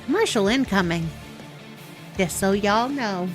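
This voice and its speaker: A woman streamer chatting casually on a live game stream, giggly and expressive. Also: medium pitch, unhurried, faint music behind.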